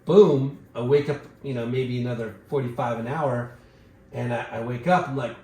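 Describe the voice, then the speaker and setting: A man telling a wild story in a casual, animated and profane way, acting out the other people's voices. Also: medium pitch, normal speed. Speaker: podcast co-host telling a story. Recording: echoey room.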